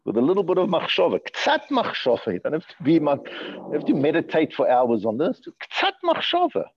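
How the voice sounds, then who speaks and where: A man giving a Torah lecture in a lively voice that rises and falls. He sounds gravelly and a little husky, and he keeps asking questions and repeating words. The recording is dull and lo-fi. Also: fairly high pitch, fast. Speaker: rabbi teaching a class.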